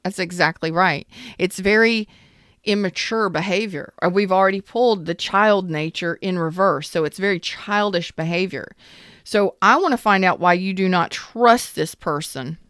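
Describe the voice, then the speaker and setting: A woman's voice: lowish voice, normal speed, fairly bright tone, clean tone, no room sound, clean studio sound. A woman giving a live tarot reading in a chatty, blunt way, greeting viewers as she goes. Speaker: tarot reader.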